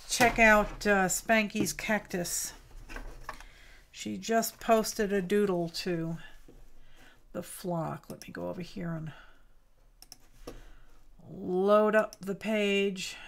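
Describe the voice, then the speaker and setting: A woman's voice: medium pitch, fairly bright tone. A woman hosting a craft livestream, chatting casually with viewers by name and thinking aloud as she works.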